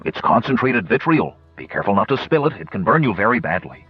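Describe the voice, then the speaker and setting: A man's voice: lowish voice, big pitch swings, quick pace, husky, no room sound, highs cut off, soft background music. A man voicing a pompous, fussy male gnome inventor who talks in grand, wordy phrases, as an audiobook character voice. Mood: eager.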